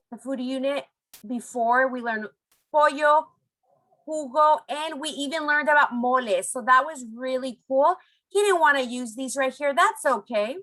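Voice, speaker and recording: A woman teaching Spanish phrases to young students in a recorded online lesson, encouraging them and modelling phrases slowly. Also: high voice, sharp tone, rough recording.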